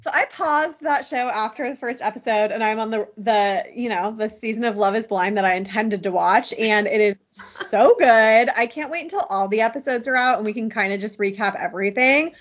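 A woman's voice: fairly high pitch, normal speed, few pauses, muffled recording. A woman in her thirties co-hosting a podcast, chatting easily and agreeing with her partner. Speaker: podcast co-host. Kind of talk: casual chat.

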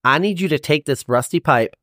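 A man's voice: on the high side, brisk, fairly bright tone, dry recording, studio quality. A man playing a tabletop game, talking in a folksy, rambling way. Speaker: player. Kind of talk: casual tabletop play.

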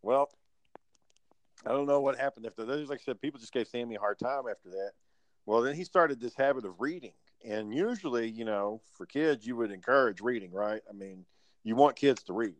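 A man's voice: mid-range voice, a little fast, dry recording, low-quality recording. Rambling, swearing man in casual talk. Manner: rambling, profane, with many restarts. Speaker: storyteller in a casual chat. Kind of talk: casual profane chat among friends.

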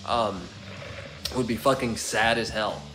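A man's voice: fairly low pitch, steady tone, unhurried, pushed and bright, soft background music. A man co-hosting a casual podcast, chatting in an easygoing, agreeable way and musing on ideas. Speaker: podcast co-host. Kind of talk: casual comedic chat.

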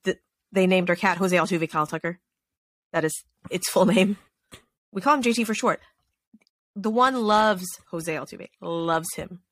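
A woman hosts a podcast from her home desk, and she talks in a casual, animated way. Her voice is bright and forward, and she swears freely and keeps breaking off into quick asides. The sound is dry and close. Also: fairly low pitch, dry recording. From Texas. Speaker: podcast host. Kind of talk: casual chat. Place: home desk with snoring dogs.

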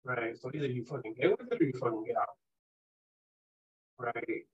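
A man's voice: mid-range voice, very animated, moderate pace, slightly rough, dull audio. A man as a podcast guest telling candid stories, emphatic and swearing often, with frequent "right?" tags. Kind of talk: candid conversational storytelling.

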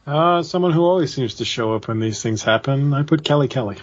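Dry husky man on a podcast. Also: mid-range voice, animated, brisk. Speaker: podcast co-host. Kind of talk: casual chat. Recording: dull lo-fi audio.

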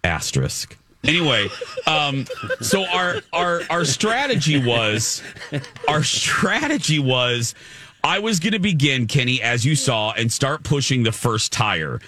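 A man co-hosting a casual chat, telling a story in an animated, playful way. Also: mid-range voice, unhurried, a little hiss or hum.

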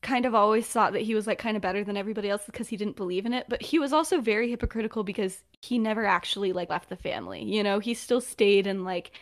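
A woman's voice: mid-range voice, quick pace, hardly any pauses. A young woman co-hosting a podcast, retelling a story in casual chat, rambling with lots of fillers and acting out the quotes. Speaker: podcast co-host.

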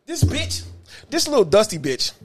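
A man's voice: sits high, normal speed, slightly rough, soft background music. A man, a bus driver telling profane stories on a casual podcast and acting out the quotes. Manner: animated, profane, acts out quotes.

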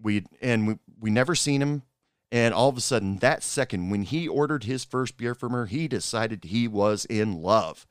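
Brief: middle-aged man, smooth low voice, dry close sound, rambling personal storyteller. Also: dry recording. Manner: rambling, halting, with frequent asides. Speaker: former bartender telling stories.

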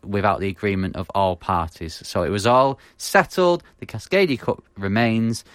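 Man, from the UK, podcast co-host, casual football chat, halting with fillers, dry close recording. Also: fairly low pitch, fairly bright tone, no echo. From United Kingdom. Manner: halting, many fillers, laughs at own mispronunciations.

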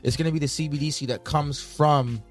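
Fast-talking, emphatic male co-host. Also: a little high, fairly even intonation, soft background music. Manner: fast, emphatic, repeats points. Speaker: podcast co-host. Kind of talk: casual chat.

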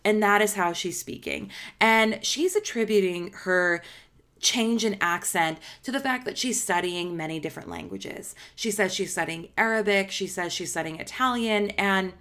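A woman's voice: medium pitch, moderate pace, fairly bright tone. Woman podcaster from Illinois, casual gossipy recap voice, filler-heavy delivery. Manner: chatty, gossipy, with frequent filler words. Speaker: podcast host.

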